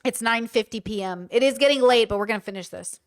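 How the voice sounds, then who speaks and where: Brief: young woman commentator, high pitch, dry close sound, swears freely, exasperated. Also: fast talker, no echo. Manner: blunt, profane, exasperated. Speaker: reaction video commentator. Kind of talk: casual reaction commentary.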